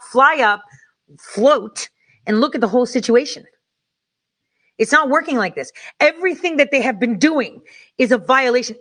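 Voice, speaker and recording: A woman delivering a heated, profane political rant, angry and rapid-fire. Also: high-pitched, a bit bright.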